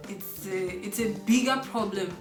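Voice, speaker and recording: A woman's voice: mid-range voice, normal speed. A woman speaking frankly and emphatically in a casual chat. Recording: echoey room with faint music.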